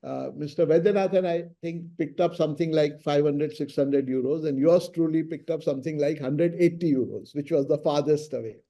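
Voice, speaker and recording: A man's voice: fairly high pitch, fairly quick, hardly any pauses. A middle-aged man with an Indian English accent, a senior lawyer telling anecdotes about his mentor in an interview and acting out the dialogue. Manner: lively raconteur acting out quoted dialogue.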